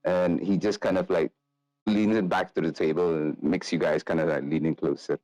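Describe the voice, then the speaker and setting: A man's voice: deep voice, fairly even intonation, normal speed, a little mellow, no echo, poor audio. A man narrating a tabletop game as game master, chatty and full of fillers.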